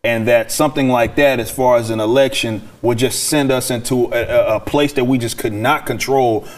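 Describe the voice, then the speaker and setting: Man, guest commentator, heated, passionate, average pitch. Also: steady tone, normal speed. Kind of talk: talk show discussion.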